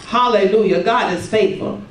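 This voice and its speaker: A woman preaching a sermon, calling for responses and filling her pauses with hallelujahs and amens. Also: mid-range voice. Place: church sanctuary. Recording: roomy, distant sound from across a sanctuary.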